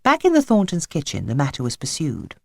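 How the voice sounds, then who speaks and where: A woman narrates a children's novel with wry, expressive phrasing. Her voice sits low but swings widely in pitch. The studio recording is close and dry. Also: a little fast, creaky, no echo. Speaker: audiobook narrator. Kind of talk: scripted narration.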